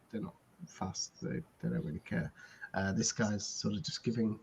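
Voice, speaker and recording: Acting as game master, a man with a medium-pitched voice narrates a tabletop game in a relaxed, rambling way, using plenty of fillers.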